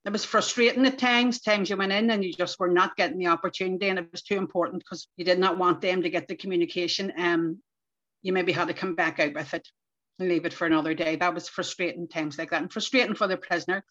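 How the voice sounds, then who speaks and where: Speaking quickly in a voice on the low side, an older Northern Irish community activist shares lively memories in a relaxed interview. Her anecdotes are reflective and full of local phrasing, recorded in dull lo-fi podcast quality.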